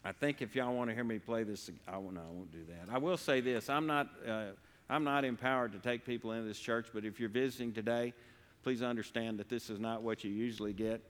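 A man speaks earnestly to a congregation, pausing and restarting his sentences. His mid-pitched voice carries the long reverb of a church hall. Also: smooth. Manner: earnest, halting, with frequent restarts and slow pauses. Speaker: lay speaker at a church service. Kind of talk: earnest devotional talk. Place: church sanctuary.

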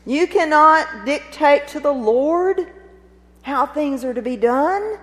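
A woman preacher tells the story with dramatic, animated expression and asks her listeners rhetorical questions. Her voice sits fairly high and swings widely in pitch. A long reverb trails behind her, as in a large hall. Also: takes it slowly. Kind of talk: sermon retelling a Gospel scene.

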